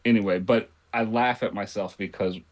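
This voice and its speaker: A man's voice: lowish voice, fairly even intonation, moderate pace. A middle-aged man co-hosting a casual chat show, rambling with many restarts. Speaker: podcast co-host.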